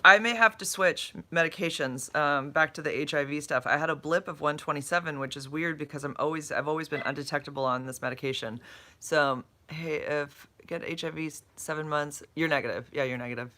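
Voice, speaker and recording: A drowsy woman with a bright voice chats loosely on a live stream from her bed. She rambles, trips over words and greets viewers as she reads their comments. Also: deep voice, brisk. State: drowsy and dopey from medication. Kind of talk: casual live-stream chat, reading comments. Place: in bed at home.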